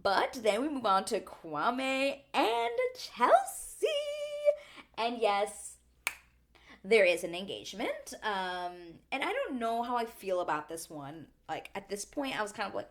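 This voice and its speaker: A young woman hosting a casual reality TV recap, chatty and animated, full of "like" and quick asides. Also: mid-range voice. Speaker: recap show host.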